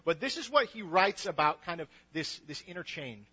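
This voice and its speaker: A man's voice: on the high side, sing-song, normal speed, bright, forceful tone, slightly rough. A young man preaching a casual, enthusiastic sermon, restarting his sentences often. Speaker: pastor. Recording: dull lo-fi recording.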